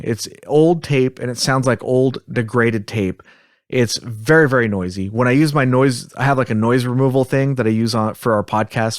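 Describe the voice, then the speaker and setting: Chuckling as he rambles, a man hosts a podcast in a casual, slightly self-deprecating chat. His voice sits in the mid range and is recorded on a close mic with no echo.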